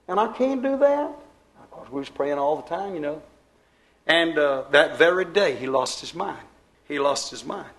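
A man preaching a sermon, telling stories in a folksy, emphatic way and dropping his voice low for effect. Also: moderate pace, a bit bright, slight background noise, poor audio. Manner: emphatic, folksy preaching with dramatic drops in volume. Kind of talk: fervent storytelling sermon.

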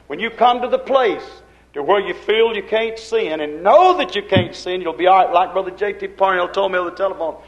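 A man preaching a fervent sermon, swinging between loud, urgent lines and quiet, low asides. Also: a little fast, dull audio.

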